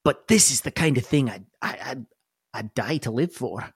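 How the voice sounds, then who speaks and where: A man's voice: mid-range voice, expressive, normal speed, husky, no room sound, studio quality, voice pushed down. A man voicing a daring, thrill-seeking young woman in a tabletop role-playing game, in a breezy, casual way. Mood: eager.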